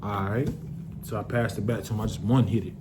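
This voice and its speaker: A man's voice: on the low side, a little fast, noisy background. A young man casually telling a personal story to the camera, loose and profane, with lots of restarts.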